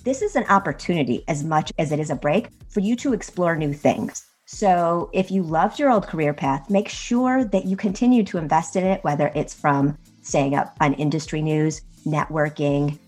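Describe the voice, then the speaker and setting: Woman career expert as podcast guest, slightly low voice, calm and earnest advice. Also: normal speed, hardly any pauses. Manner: steady, earnest, advisory.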